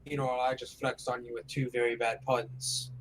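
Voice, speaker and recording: A man's voice: mid-range voice, level tone, moderate pace, slight background noise. A man playing in a tabletop game, cocky and full of puns in casual chat. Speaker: player.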